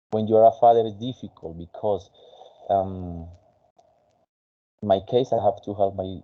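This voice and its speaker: Man, Spanish native speaker, English teacher, halting speech, lower voice, muffled lo-fi sound. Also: dark tone. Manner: halting, many fillers and restarts. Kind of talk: conversation class feedback.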